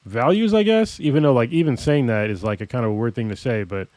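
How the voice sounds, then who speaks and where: A man's voice: medium pitch, fairly quick, a little mellow, dry recording. A man co-hosting a podcast, laid-back and slangy in casual chat. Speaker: podcast co-host.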